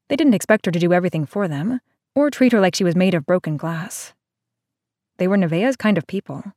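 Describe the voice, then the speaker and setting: A woman narrating a novel aloud in a steady, even storytelling manner. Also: on the low side, no room sound, studio quality. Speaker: audiobook narrator. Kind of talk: scripted narration.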